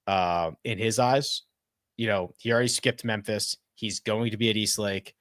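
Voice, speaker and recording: A man hosting a casual live-stream chat, thinking out loud and correcting himself as he answers viewer questions. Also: on the low side, no room sound, studio quality. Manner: animated and chatty, thinks out loud with quick self-corrections. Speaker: host of a golf betting and fantasy live chat.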